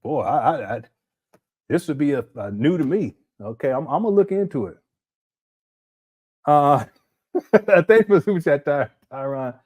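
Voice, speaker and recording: Lively, teasing male livestream host. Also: a little high, measured pace, pauses often. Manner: animated, laughing, teasing, reads viewer chats aloud. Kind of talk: casual livestream commentary.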